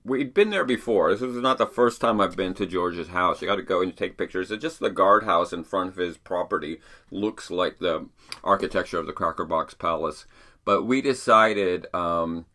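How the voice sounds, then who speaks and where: A man's voice: low-pitched, normal speed, bright, forceful tone. A middle-aged man hosting a show from his attic, telling stories in a chatty, rambling way with fillers and restarts. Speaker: podcast host. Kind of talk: casual storytelling. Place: home attic.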